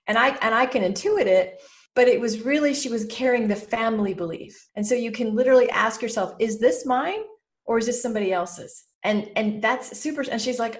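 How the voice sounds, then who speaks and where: A woman's voice: fairly high pitch, a little fast. A woman in her fifties, a mentor and former therapist, talking in a podcast interview and acting out anxious inner voices. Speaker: guest mentor.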